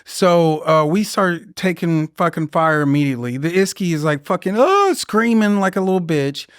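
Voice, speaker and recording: A man's voice: a little high, lively intonation, normal speed, smooth, no echo, clean studio sound. A young man, a veteran guest on a podcast, telling rambling, profanity-laced stories in casual conversation. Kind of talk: casual storytelling interview.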